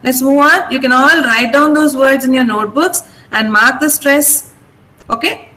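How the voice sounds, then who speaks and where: A woman's voice: high voice, normal speed, bright, forceful tone, big-room sound, low-quality recording. A woman teaching an online vocabulary class over a video call, patiently repeating words to drill the stress.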